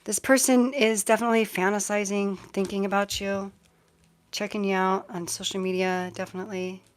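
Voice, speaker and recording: A woman's voice: mid-range voice, flat delivery, moderate pace. A middle-aged woman hosting a casual live-stream tarot reading, chatty and easily sidetracked, often breaking into giggles.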